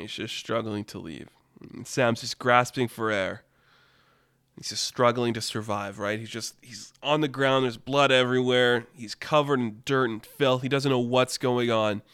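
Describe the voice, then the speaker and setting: A man hosting a casual storytelling podcast, animated and laughing often, with lots of "like". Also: mid-range voice, no room sound, studio quality. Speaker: storyteller host.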